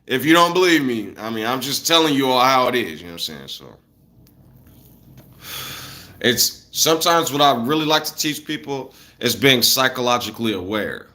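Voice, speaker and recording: A man's voice: medium pitch, expressive, normal speed, sharp tone. A man in his thirties from the United States, ranting casually to viewers in a loose, slangy, blunt way. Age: 30s.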